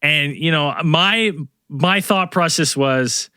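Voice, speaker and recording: A man's voice: a little high, slow pace, smooth, dry recording. Man, middle-aged, podcast host, casual storytelling, rambling with fillers, dry close sound. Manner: rambling, animated, lots of fillers and restarts. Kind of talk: casual storytelling among co-hosts.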